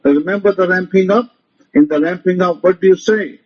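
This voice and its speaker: A man's voice: sits high, brisk. A man giving a motivational religious lecture, emphatic and repetitive, often commanding his listeners. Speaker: rabbi teaching a lecture. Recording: muffled lo-fi audio.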